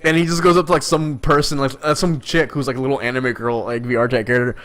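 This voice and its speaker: A man in a relaxed podcast chat, telling stories with lots of energy. He jumps into other people's voices for quotes and often breaks into laughter. His pitch sits in the middle for a man. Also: fast talker. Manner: animated storyteller, acts out quotes, laughs a lot. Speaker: podcast co-host. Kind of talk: casual chat.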